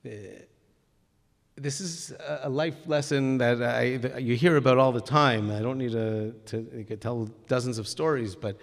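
A man's voice: mid-range voice, fairly even intonation, normal speed, gravelly. Earnest male teacher in a reverberant hall. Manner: earnest, emphatic, with frequent restarts. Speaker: religious teacher. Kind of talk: Torah lesson with stories.

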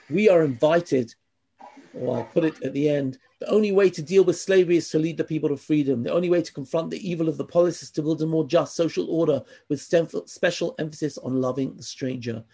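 A man giving a lecture, reading from a text and breaking off to comment in an earnest, emphatic way. His voice sits a little high but sounds dark and mellow, with a husky edge. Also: moderate pace. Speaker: teacher.

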